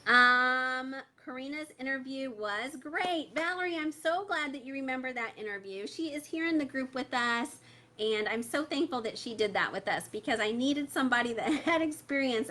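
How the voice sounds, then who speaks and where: Chatty lady on a phone livestream, kinda high bright voice, lots of ums, reading comments. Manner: chatty, many fillers, reads viewer comments aloud. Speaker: host of a parent membership group. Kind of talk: casual livestream talk. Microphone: phone held close.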